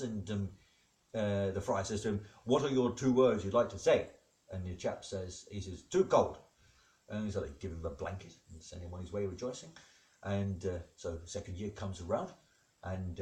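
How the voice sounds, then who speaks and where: A man hosting a comedy show as God, telling jokes in a rambling, deadpan way with many fillers. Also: lowish voice. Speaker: comedic host playing God. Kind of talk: improvised comedy monologue. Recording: echoey room.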